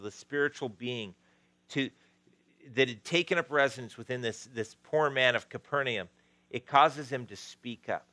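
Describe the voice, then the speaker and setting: A man's voice: medium pitch, pushed and bright, no echo. A man preaching a sermon as pastor, conversational, with frequent restarts and asides.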